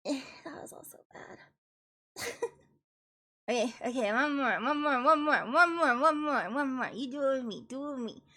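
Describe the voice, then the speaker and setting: A young woman streamer and classical singer chatting casually and jokingly while doing vocal warm-ups. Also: sits high, moderate pace. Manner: joking, self-deprecating, chatty.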